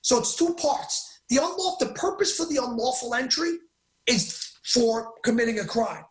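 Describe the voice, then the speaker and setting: A man as an interview guest, telling his story in an excitable, emphatic way and often cutting himself off mid-sentence. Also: very high-pitched, normal speed, roomy sound.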